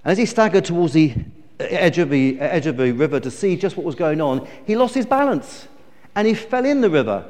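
Male preacher, middle-aged, high-pitched, emphatic storyteller, big church reverb. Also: very animated, brisk, darkish tone. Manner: storytelling, emphatic, self-correcting. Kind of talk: sermon.

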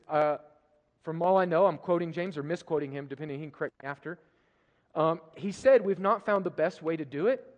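Emphatic man preaching in a reverberant hall. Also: sits high. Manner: emphatic preacher, swings from loud to hushed. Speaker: pastor. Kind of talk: sermon.

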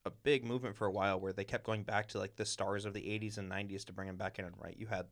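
A man's voice: on the low side, level tone, racing, fairly bright tone. A man co-hosting a podcast, chatting casually about musicals in a wry, rambling way full of asides. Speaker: podcast co-host.

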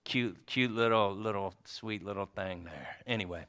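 A man in his forties giving a heartfelt tribute at church, telling stories that swing between loud animated bursts and soft asides. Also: lowish voice, normal speed. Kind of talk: heartfelt tribute speech to a congregation.

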